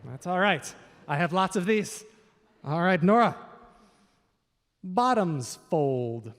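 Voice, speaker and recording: A man's voice: high voice, expressive, slow pace, fairly bright tone. A man from Washington state hosting a live stage quiz, upbeat and chatty with joking asides, on a stage microphone. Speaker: quiz host. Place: large event hall. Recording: reverberant hall sound.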